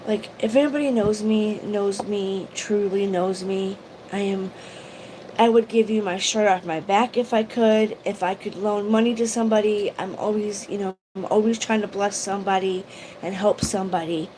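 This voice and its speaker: A woman talks through a casual livestream in an emotional, rambling way, stopping to greet viewers by name. Her voice sits at an ordinary middle pitch. A faint hiss runs under the recording. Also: fairly even intonation, moderate pace, darkish tone, rough recording. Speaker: YouTube vlogger.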